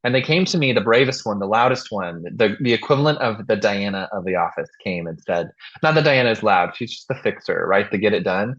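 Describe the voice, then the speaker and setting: A man hosting a podcast, telling stories in a casual, animated way and acting out the voices of people he quotes. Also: lowish voice, fairly quick, hardly any pauses, highs cut off. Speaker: podcast host. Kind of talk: casual chat and storytelling.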